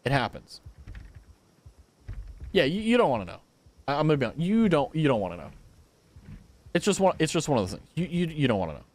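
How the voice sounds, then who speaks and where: Lively young man streamer chatting. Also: fairly high pitch, a little fast, long pauses. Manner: animated, swearing, talks to chat. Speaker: game streamer. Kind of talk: casual live-stream chat.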